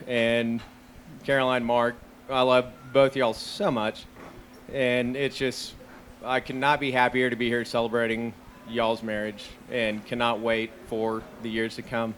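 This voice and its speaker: A man's voice: mid-range voice, flat delivery, measured pace, fairly bright tone, slight background noise. A young man giving a heartfelt, laughing rehearsal dinner toast to a childhood friend.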